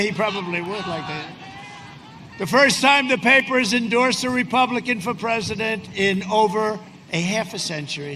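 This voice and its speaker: Guy rambling and bragging at an outdoor rally, shouty, big crowd roaring, windy noise everywhere. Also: sits high. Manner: boastful, rambling, often shouting. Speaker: politician speaking at a rally. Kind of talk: rally speech. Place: outdoor rally in cold wind. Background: large cheering crowd and wind.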